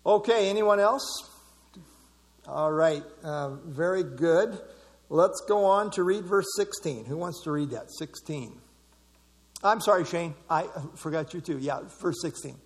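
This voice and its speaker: A man's voice: on the high side, a little slow, big-room sound. Emphatic man leading a Bible class. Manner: emphatic, expounding verse by verse. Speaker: Bible study teacher.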